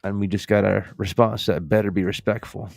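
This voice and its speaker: A man's voice: lowish voice, steady tone, a little fast, vocal fry, a little mellow, no room sound. A male podcast host in a casual, playful demo chat, joking and talking to the viewers as folks.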